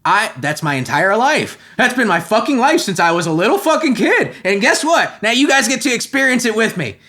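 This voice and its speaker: A man hosting a comedy podcast, ranting in a profane, agitated way and swinging between shouting and muttering. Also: high-pitched, big pitch swings, a little fast. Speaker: podcast host.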